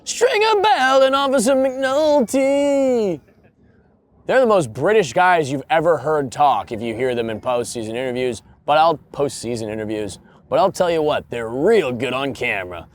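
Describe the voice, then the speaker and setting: A man putting on an overblown, drawn-out announcer voice, saluting someone in mock grandeur as a parody. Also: medium pitch, expressive, natural voice. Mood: mock-heroic.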